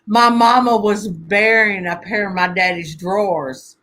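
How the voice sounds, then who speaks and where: A woman telling family stories in a casual conversation, animated and laughing often as she acts out voices. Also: mid-range voice, slow pace. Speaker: guest conjure teacher.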